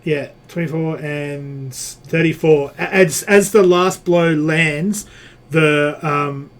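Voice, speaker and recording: A man's voice: on the high side, fairly even intonation, slow. A man running a tabletop game as game master, hesitant and full of fillers as he works out dice math.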